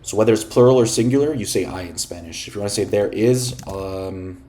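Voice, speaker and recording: A man teaching beginner Spanish in English, patiently explaining words and grammar with the odd filler and throat clearing. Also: on the low side, brisk, dark tone, a little hiss or hum. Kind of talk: explaining a listening exercise.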